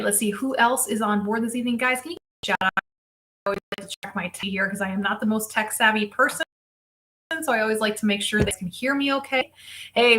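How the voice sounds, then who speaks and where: Speaking in a pushed, bright, mid-range voice, a female physical therapist runs a relaxed live show from her Tampa home. She's chatty and says hello to viewers by name.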